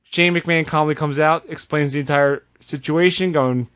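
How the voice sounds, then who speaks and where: A man hosting a casual podcast, recapping events in an animated, sarcastic way. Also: a little high, normal speed. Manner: animated, sarcastic retelling with put-on voices. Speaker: podcast host. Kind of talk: casual wrestling recap chat.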